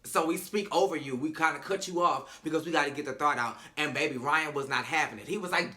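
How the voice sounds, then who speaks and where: Man, sassy emphatic recap host, high-pitched, very sharp bright tone. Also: fast, few pauses. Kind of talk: casual reality-show recap.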